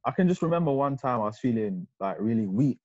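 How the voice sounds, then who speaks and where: Husky young man, lo-fi. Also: mid-range voice, animated, fast talker, a little mellow. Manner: hesitant, searching for words. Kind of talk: casual chat among friends. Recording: dull lo-fi sound.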